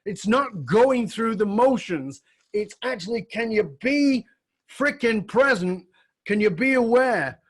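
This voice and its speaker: Reflective male podcast host, slightly high voice. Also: animated, slow, husky. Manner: reflective, builds to emphatic questioning. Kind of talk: conversational interview.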